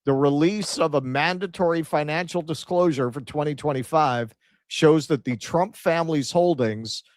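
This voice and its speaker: A man's voice: fairly high pitch, normal speed, no echo, studio quality. A man co-hosting a casual livestream, talking in a wry, conversational way. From New York. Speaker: co-host.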